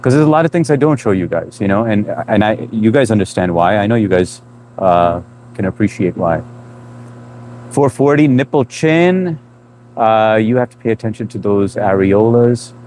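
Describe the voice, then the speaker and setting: A man hosting a casual livestream outdoors, chatting and reading comments in a relaxed, laughing way, with an accent that blends Indian and New England. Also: lowish voice, brisk, a little hiss or hum, low-quality recording. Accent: mix of Indian and New England. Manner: relaxed, chatty, laughs often, trails off in restarts. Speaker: livestream host. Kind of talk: casual live-stream chat reading comments.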